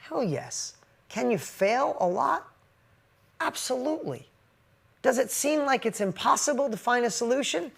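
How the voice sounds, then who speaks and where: A man in his forties giving a motivational business talk, emotional and shifting from loud emphatic bursts to quiet reflection. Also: extremely high pitch, very animated, unhurried, creaky, long pauses. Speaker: business speaker.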